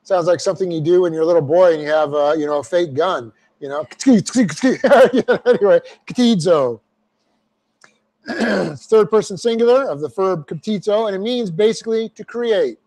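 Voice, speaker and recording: A man's voice: high-pitched, moderate pace, darkish tone. A man teaching a verse-by-verse Bible class, explaining Greek grammar step by step with folksy asides. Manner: folksy asides, repeats phrases for emphasis.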